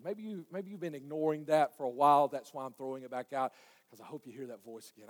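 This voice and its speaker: A high-pitched man with a drawl preaches a folksy sermon. He drops into soft, confiding asides, then climbs to loud, fervent peaks. The voice rings out with the long reverb of a big hall. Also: quick pace. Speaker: pastor.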